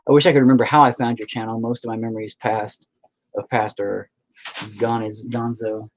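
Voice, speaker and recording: A man's voice: mid-range voice, little pitch movement, fairly quick. A man in his forties chatting casually on a live stream, rambling, profane and sarcastic. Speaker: live-stream host and musician.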